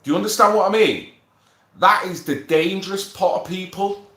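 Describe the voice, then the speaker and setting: A man's voice: sits high, moderate pace, reverberant. A man ranting to his viewers in a casual monologue, swearing often and asking them if he's wrong. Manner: animated, swears a lot, asks viewers for agreement. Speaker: political vlogger.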